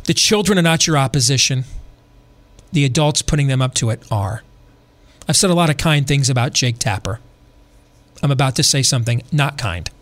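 A man's voice: mid-range voice, lively intonation, moderate pace, pauses often, a bit bright. A middle-aged man hosting a podcast, delivering a preachy, impassioned political commentary full of rhetorical questions. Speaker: podcast host.

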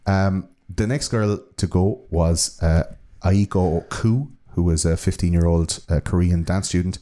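A podcast co-host recounts a true-crime case in casual chat, hesitant and full of fillers and restarts, swearing casually. His voice is low and mellow, with a steady tone and a measured pace.

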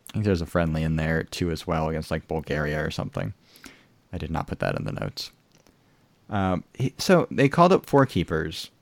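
Podcast host, man, very low voice, dry close sound, meandering chat. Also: dry recording. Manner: rambling with many fillers. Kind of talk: casual chat.

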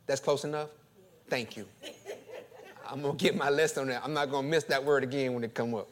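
A man's voice: steady tone, fast. Preaching man with fiery rising swells. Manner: preaching with swells of loud, high, laughing emphasis; repeats phrases and restarts when fired up. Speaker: pastor. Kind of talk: sermon.

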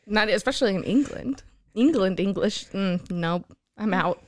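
A woman with a Texan accent co-hosting a casual paranormal podcast, bubbly and quick with jokes. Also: medium pitch, expressive, no echo, clean studio sound. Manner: bubbly, jokey. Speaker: podcast co-host. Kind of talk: casual chat.

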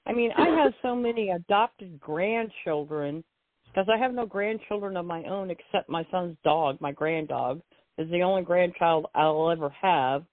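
An older woman with a lowish voice chats casually over the phone at a normal speed, rambling and repeating herself as she recalls her time among wrestling fans. She's a guest and a wrestling fan herself, and the dry recording comes through a tinny phone line.

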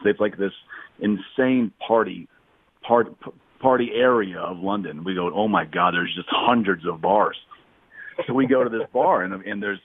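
A man's voice: lowish voice, slightly rough, no echo. A man co-hosting a podcast, telling a story in a rambling, repetitive way. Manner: rambling, repeats himself. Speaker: podcast co-host. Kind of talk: casual storytelling. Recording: dry, phone-like sound.

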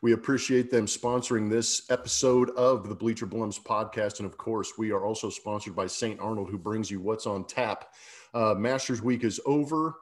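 A man's voice: on the low side, steady tone, normal speed. Easygoing man with a scratchy morning voice. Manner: laid-back, fillers and restarts, ad reads. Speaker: podcast host. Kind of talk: casual sports chat.

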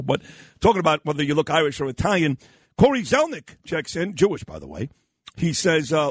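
Male radio host, husky voice, lively swings in pitch, dry studio sound, tells stories. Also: normal speed, dry recording. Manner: rambling anecdotes, acts out quoted voices, laughs often. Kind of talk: casual on-air storytelling.

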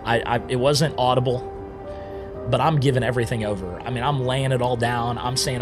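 A man recounts his personal testimony as a missionary, relaxed and conversational, peppering his sentences with "man" and "right?". Music plays clearly beneath his voice throughout. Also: medium pitch, a little fast. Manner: casual, keeps saying "man" and "right?". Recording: music playing underneath.

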